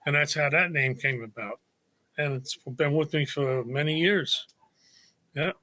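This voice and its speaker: A man's voice: on the high side, unhurried, bright, forceful tone. An older man from Brooklyn with a Brooklyn accent, a chatty guest telling stories in a casual interview, often repeating words. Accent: Brooklyn New York. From Brooklyn, New York.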